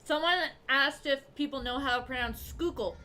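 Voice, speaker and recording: A woman's voice: high-pitched, normal speed, pushed and bright, a little hiss or hum. A woman chatting casually on a game stream, dropping dry, matter-of-fact quips.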